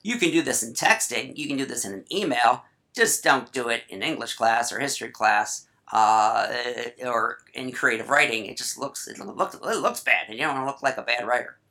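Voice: mid-range voice, normal speed, creaky, bright, forceful tone. A writing teacher giving a casual grammar lesson, chatty and full of asides, often checking in with "right?".

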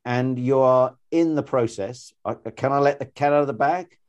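A man's voice: medium pitch, moderate pace, highs cut off. A man co-hosting a casual podcast, talking in rambling sentences full of restarts and fillers. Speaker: podcast co-host.

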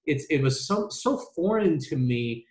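A man's voice: on the high side, big pitch swings, unhurried, a little mellow, roomy sound, low-quality recording. A man telling stories from his work in a casual interview. He rambles, restarts often, says "like" a lot and acts out the voices of people in his stories. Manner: rambling, many restarts and "like" fillers. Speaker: travel business owner telling his story.

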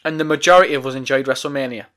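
A man's voice: medium pitch, rapid-fire, a bit bright. A man hosting a wrestling podcast, ranting in a heated, profane way. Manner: profane, angry, emphatic.

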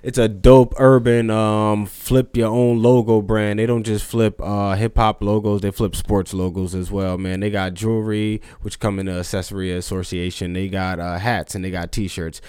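Profane, rambling man with a smooth voice. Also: fairly low pitch, flat delivery, moderate pace, hardly any pauses, darkish tone, no room sound, clean studio sound. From New Jersey. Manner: loose and profane, full of "like" and restarts. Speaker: podcast co-host. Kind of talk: casual podcast chat.

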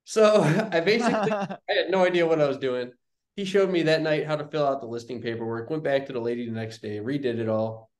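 A man's voice: fairly high pitch, a little fast. Roomy-sounding young man telling stories. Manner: animated storyteller, acts out quoted dialogue. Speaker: guest, real estate investor. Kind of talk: casual storytelling in an interview.

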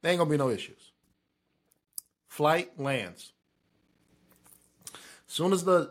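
A man's voice: on the high side, a little slow, pauses often, slightly rough. A man co-hosting a podcast, telling a story in casual chat with slang and asides. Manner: relaxed, slangy, sets up stories with asides. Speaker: podcast co-host.

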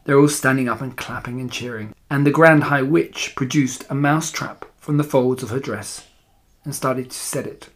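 A man's voice: medium pitch, normal speed, slight background noise. Man reading a children's story aloud. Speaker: audiobook reader.

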